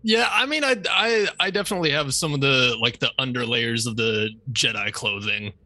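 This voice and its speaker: Bright-voiced man playing a Jedi. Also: mid-range voice, moderate pace, no room sound. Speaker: player. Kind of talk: in-character role-play and table chat.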